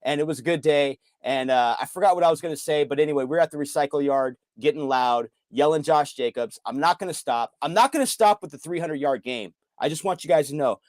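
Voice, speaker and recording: A man talking in an excited, casual way as a sports fan co-host, loud and hyped, swearing and swinging his voice up and down. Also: fairly high pitch, a little fast, few pauses, dry recording.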